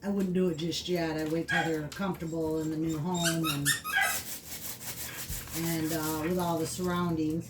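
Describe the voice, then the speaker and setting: A woman explaining puppy training in a casual, chatty way, full of fillers, switching to high baby talk for the dog. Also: level tone, normal speed. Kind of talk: casual vlog narration. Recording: distant mic with clear background noise.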